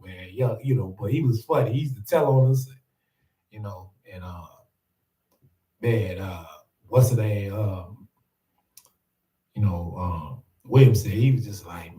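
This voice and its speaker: A man's voice: lowish voice, warm tone. A man hosting a podcast, telling stories in a laid-back, casual way, often saying "man" and laughing. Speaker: podcast host. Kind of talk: casual storytelling. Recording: roomy echo, distant from mic.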